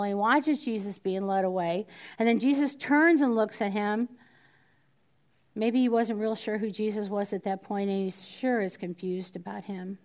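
A woman's voice: medium pitch, darkish tone. Woman teaching a Bible study, sometimes whispering. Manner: conversational, drops to a whisper at times, asks the room questions.

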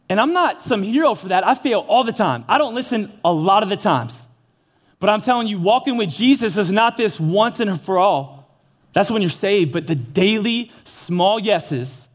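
A man's voice: sits high, expressive, normal speed. A young man giving an earnest, casual sermon, mixing slang into his preaching. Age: young adult.

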